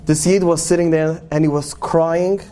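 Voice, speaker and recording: A man with a fairly high voice tells stories to a gathering, speaking with a lilt. He is earnest and stretches out his key words for weight. A faint hiss of noise sits under his voice. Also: steady tone, warm tone. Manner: earnest, slows and lingers on key words for emphasis. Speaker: rabbi. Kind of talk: storytelling talk to an audience.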